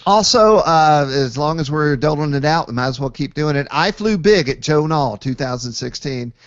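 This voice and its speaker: A man's voice: on the high side, lively intonation, moderate pace, dry recording. A man hosting a casual chat, joking and rambling with lots of fillers. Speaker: podcast host. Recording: dull lo-fi dry recording.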